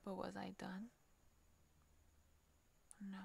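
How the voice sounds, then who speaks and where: A woman with a Trinidadian accent hosting a podcast, telling a personal story in a halting way, repeating words, swearing and sometimes dropping almost to a whisper. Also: mid-range voice, completely flat delivery, creaky, darkish tone, husky. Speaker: podcast host.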